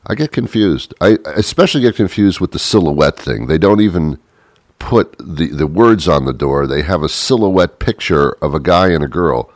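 A man's voice: sits low, expressive, normal speed, dry recording, clean studio sound. A man telling rambling comic stories in a wry, hesitant way, full of filler words.

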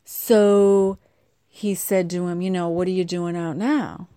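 A woman's voice: fairly low pitch, steady tone, a little slow, warm tone, clear, resonant tone, no echo, clean studio sound. A middle-aged woman hosting a podcast, chatting casually and telling a story with acted-out quotes. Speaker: podcast host. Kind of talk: casual monologue.

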